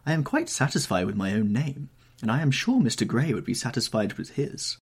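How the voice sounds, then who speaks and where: A man voicing a witty, teasing young aristocratic duchess with quick, playful retorts in an audiobook reading. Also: mid-range voice, very animated, breathy edge, voice pushed up.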